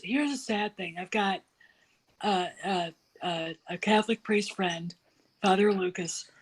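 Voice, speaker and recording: A woman's voice: mid-range voice, a little mellow, breathy edge, rough recording. A woman talking emphatically and outspokenly as a guest in a casual political chat. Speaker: podcast guest.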